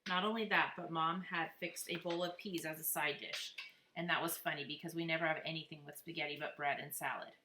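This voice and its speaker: A woman reading a children's book aloud, lively and expressive. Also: low voice, brisk. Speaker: reader. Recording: echoey room, faint noise.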